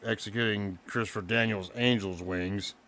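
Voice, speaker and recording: Excited lower-voiced man recapping wrestling. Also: normal speed, crowd noise. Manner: excited, recaps moves play by play. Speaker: podcast co-host. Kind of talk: casual wrestling review chat.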